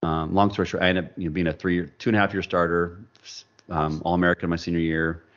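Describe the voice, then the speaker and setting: Low-voiced guy on a podcast, animated storytelling, kinda muffled audio. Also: fast talker. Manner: animated storyteller, acts out quoted dialogue. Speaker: podcast guest. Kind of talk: storytelling in casual interview.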